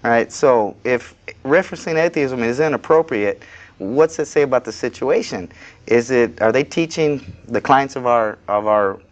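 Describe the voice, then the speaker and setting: A man's voice: medium pitch, normal speed, dull audio. A man speaking as a guest on a studio interview show, talking plainly in an aggrieved tone. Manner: plain-spoken, aggrieved, recounting a workplace dispute. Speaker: guest, activist. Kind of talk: casual interview talk.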